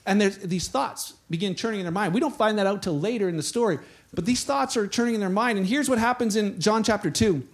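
A man with a high voice delivers a sermon, retelling scripture with animated storytelling. He jumps into the voices of the people in the story as he goes. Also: quick pace. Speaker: pastor.

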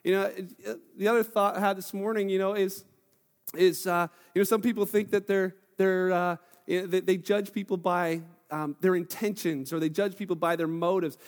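High-voiced pastor preaching in a reverberant hall. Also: male voice, normal speed. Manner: animated storytelling, acting out quoted voices. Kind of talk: sermon. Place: church hall.

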